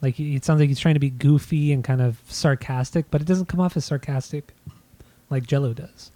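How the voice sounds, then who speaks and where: A man's voice: on the high side, fairly even intonation, fairly quick, mellow, dry recording. A man co-hosting a casual music discussion, insistent and restarting his sentences often. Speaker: podcast co-host.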